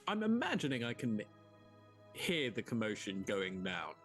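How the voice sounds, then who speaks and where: Lively-pitched male player. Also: moderate pace, soft background music. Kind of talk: casual tabletop play.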